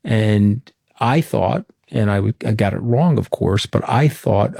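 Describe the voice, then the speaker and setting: Recounting events candidly as an interview guest, a middle-aged Long Island man who once served as a political communications director speaks frankly and emphatically. His fairly low, mellow voice is unhurried with some vocal fry. The audio is dry and close, with little room sound and no echo.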